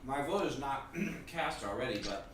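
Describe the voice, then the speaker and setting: A man's voice: mid-range voice, lively intonation. A man co-hosting a podcast, earnestly talking politics in casual chat while streaming a video game. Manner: earnest, quick political talk with casual swearing. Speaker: podcast co-host. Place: home streaming setup. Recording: distant mic, very echoey, loud noise.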